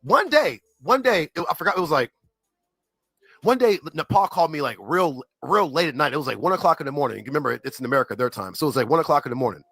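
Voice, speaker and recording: A man rambling through casual livestream chat, his pitch leaping up and down as he piles on slang and fillers. His voice is bright and forward, recorded dry and close. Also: lively intonation, fast, creaky, slightly rough, dry recording, soft background music, poor audio. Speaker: livestream regular reading chat.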